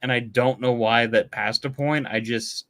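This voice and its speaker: A man's voice: mid-range voice, steady tone, normal speed, pushed and bright. A man hosting a casual live stream, joking and laughing with co-hosts. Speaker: stream host.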